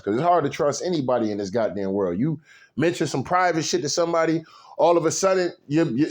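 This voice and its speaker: Man, reaction commentary host, casual and profane, rambling with fillers, lively up-and-down pitch.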